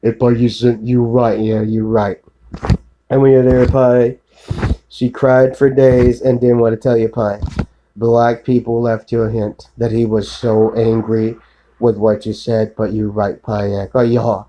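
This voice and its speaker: A man's voice: mid-range voice, flat delivery, measured pace, lo-fi sound, a little hiss or hum. A man in a rambling solo monologue, ranting profanely and accusingly, repeating filler tags and addressing an unseen woman.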